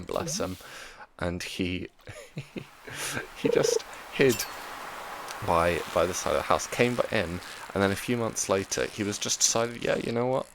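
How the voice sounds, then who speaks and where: A man hosting a gaming channel, telling rambling, chatty stories with plenty of fillers in relaxed commentary meant for sleep. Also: sits low, vocal fry, background noise. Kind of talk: relaxed commentary over gameplay, made for sleep. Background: music.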